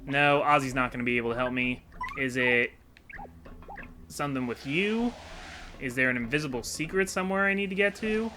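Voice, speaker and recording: A man's voice: medium pitch, brisk, long pauses, bright, forceful tone, slight background noise. A man giving rambling, casual commentary while playing a video game, chatty and self-deprecating. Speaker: video game let's-play host.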